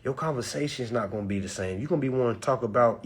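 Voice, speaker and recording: A man talking casually to his live-stream viewers, animated and preachy, full of slang, swinging between loud and soft. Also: mid-range voice, rapid-fire, breathy edge. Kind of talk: casual motivational talk to viewers.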